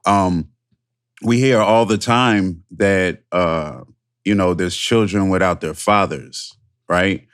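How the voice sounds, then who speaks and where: A man's voice: low voice, takes it slowly, a bit bright, clear, resonant tone. A man co-hosting a podcast, listening supportively and then reflecting hesitantly on his own past. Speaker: podcast co-host. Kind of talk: candid personal talk.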